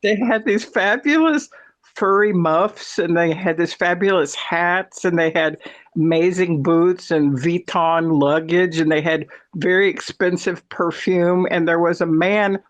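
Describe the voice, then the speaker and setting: A man in a casual chat, telling long stories in an animated, rambling way. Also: fairly high pitch, dull audio.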